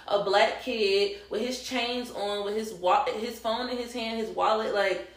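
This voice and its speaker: A woman co-hosting a casual podcast chat, telling a personal story in an animated way and acting out the people she quotes. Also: a little high, unhurried, echoey room. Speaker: podcast co-host.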